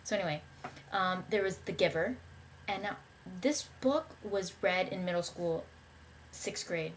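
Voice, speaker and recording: A woman's voice: on the low side, a little slow, a little hiss or hum. Rambling young woman vlogging casually. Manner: rambling, enthusiastic, lots of fillers and restarts. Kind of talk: casual talk to camera.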